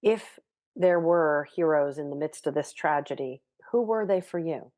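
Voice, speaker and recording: Low-voiced thoughtful female co-host. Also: normal speed, warm tone. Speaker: podcast co-host. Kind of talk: interview questioning.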